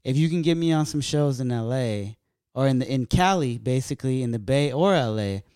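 A man's voice: mid-range voice, fairly quick, clean tone, no room sound, clean studio sound. A man from California, a stand-up comedian, telling loose, profane stories in casual chat. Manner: loose, profane, animated storytelling.

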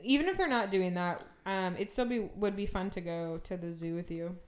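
A woman's voice: on the low side, a little fast. A woman co-hosting a podcast in casual chat, playful and full of "like" and "um". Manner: chatty, uses "like" and "um" a lot, playful. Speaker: podcast co-host.

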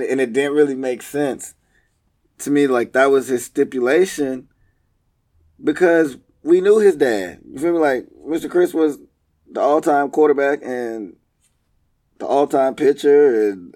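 A man's voice: mid-range voice, unhurried, dark tone. A young man telling childhood stories in a casual, slangy way, often laughing as he goes. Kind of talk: casual storytelling.

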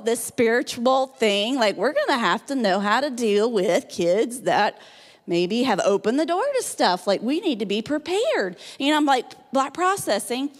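High-voiced woman preaching in a reverberant hall. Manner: chatty and animated, many fillers like "like" and "you know". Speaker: guest speaker. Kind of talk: conversational sermon storytelling.

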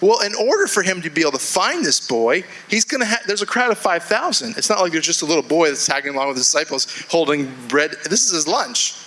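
A man's voice: fairly high pitch, big pitch swings, quick pace, few pauses, sharp tone, rough recording. A male pastor preaching a sermon to a congregation, talking conversationally, restarting phrases and acting out quoted inner voices. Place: church with a congregation.

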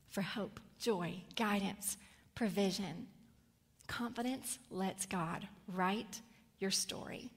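A woman's voice: mid-range voice, slow. Woman preaching in a reverberant hall. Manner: animated storytelling, acts out the characters. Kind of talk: sermon.

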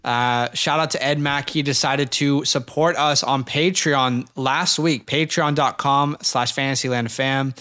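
A man co-hosting a casual fantasy football podcast, energetic and hype-building as he talks. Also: mid-range voice, measured pace, hardly any pauses. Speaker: podcast co-host. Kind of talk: casual sports podcast chat.

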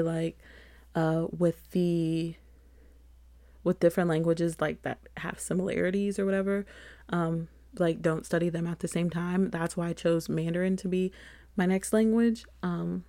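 A woman's voice: medium pitch, dark tone, dry recording. A young adult woman hosting a solo podcast, rambling in a chatty, self-deprecating way with frequent laughs. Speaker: podcast host. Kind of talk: casual solo podcast chat.

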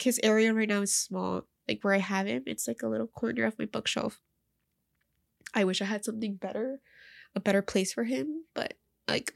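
A young woman speaking in a personal vlog while crying. Her nose is stuffy, and she talks haltingly, often repeating words. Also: fairly high pitch, creaky, no room sound, clean studio sound.

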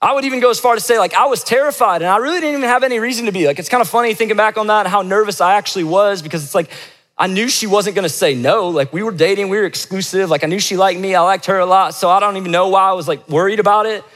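A man's voice: sits high, rapid-fire, fairly bright tone. A young man preaching to a church crowd, telling a funny story in a casual, joking way and acting out the quotes. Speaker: pastor leading a church service. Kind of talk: sermon with storytelling. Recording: long hall reverb.

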